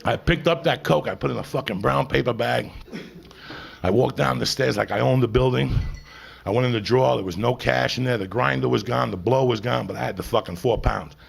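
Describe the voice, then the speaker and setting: A man telling a profane stand-up story, animated and loud at times, with a gravelly, husky voice. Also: medium pitch, a little fast. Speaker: stand-up comedian.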